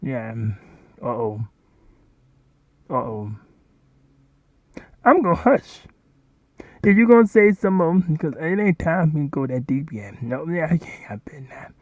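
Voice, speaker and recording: A man's voice: a little high, very animated, unhurried, long pauses, darkish tone, no echo. Rambling man talking back at a video. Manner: rambling, talks back at the video, repeats himself. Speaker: host. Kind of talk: casual commentary over a played video. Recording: dull, lo-fi home recording.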